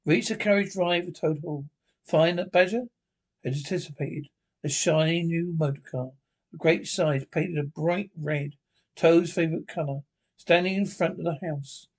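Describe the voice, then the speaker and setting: Narrator: a man reading a storybook aloud, raised pitch, gravelly, stumbling over words. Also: moderate pace. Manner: unpolished reading with frequent slips and restarts.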